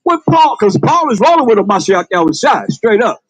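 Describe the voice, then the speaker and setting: A man's voice: high-pitched, sing-song, a little fast, breathy edge, dry recording, soft background music, low-quality recording. A man preaching on the street, calling out to passers-by with emphatic, laughing delivery. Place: outdoors on a street.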